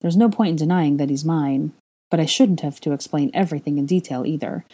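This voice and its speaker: A woman's voice: sits low, brisk, warm tone. A woman voicing an earnest young witch and new mother who sounds a bit weary as she explains.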